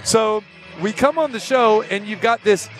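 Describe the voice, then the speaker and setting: A middle-aged man hosting a sports talk show, telling a rambling, animated story in casual chat. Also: sits high, measured pace, soft background music. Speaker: host.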